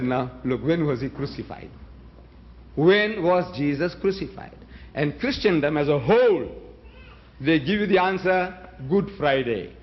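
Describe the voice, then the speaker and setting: Man, Gujarati speaker, fairly high voice, rhetorical debate speaker on a dull lo-fi recording. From South Africa. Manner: emphatic, rhetorical, challenges the audience with questions. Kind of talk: public debate address.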